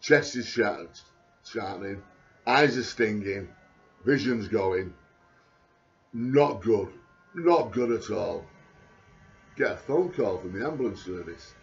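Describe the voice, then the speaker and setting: A man, talking in a rambling video diary, halting and repetitive with many restarts, sounding anxious and panicky. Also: on the low side, expressive, highs cut off, faint music behind.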